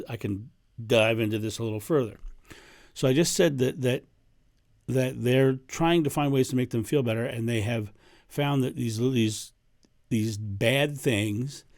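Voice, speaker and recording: A man's voice: mid-range voice, darkish tone, no room sound, clean studio sound. Rambling man talking about spirituality. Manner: rambling, with many restarts and repeated words. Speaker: spiritual teacher. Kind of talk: casual spoken talk to camera.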